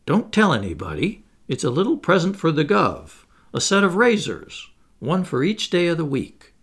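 A man reading the part of a thoughtful young clergyman in a play, measured and guarded. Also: fairly high pitch, wildly swooping pitch, husky, pitched above the performer's own voice, heavily acted.

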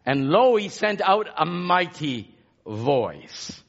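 A man's voice: on the high side, very animated, takes it slowly, creaky, highs cut off. A man preaching a sermon with passion, his intensity rising and falling as he exhorts the congregation.

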